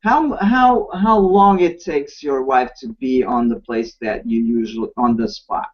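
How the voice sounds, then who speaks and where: A man co-hosting an online show, telling a joke in casual chat and acting out the voices. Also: medium pitch. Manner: slow, animated storyteller acting out voices. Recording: distant, muffled call audio.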